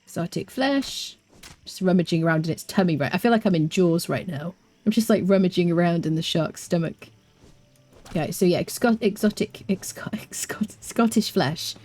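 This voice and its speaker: An English woman streaming a game, chatting casually and playfully with her viewers and often dropping into quiet asides. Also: lowish voice, normal speed. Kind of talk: casual live-stream chat while gaming.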